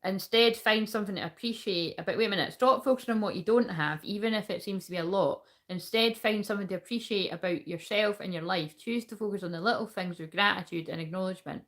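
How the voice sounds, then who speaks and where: A woman's voice: medium pitch, fast, few pauses, a bit bright. Chatty, foul-mouthed woman reading tarot. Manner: casual, chatty, swears freely; talks to viewers and chat while reading cards. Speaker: tarot reader.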